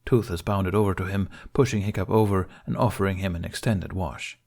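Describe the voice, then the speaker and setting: A man narrating fan fiction as an audiobook in a steady, emotional storytelling manner. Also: low-pitched, brisk.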